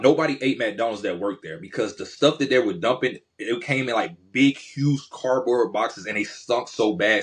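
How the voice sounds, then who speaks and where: A man from Georgia, co-hosting a casual podcast chat and telling stories in slangy speech full of fillers. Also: medium pitch. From Georgia, USA. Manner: slangy, storytelling with repeated fillers. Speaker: podcast co-host.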